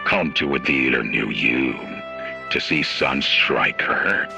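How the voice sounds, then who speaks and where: A booming, gravelly movie-trailer announcer. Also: male voice, lively intonation, slow, over music, exaggerated voice. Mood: grandiose. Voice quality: gravelly and very deep. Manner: grand trailer-style announcing. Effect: deep pitch-lowering voice changer. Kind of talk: live-stream voice play.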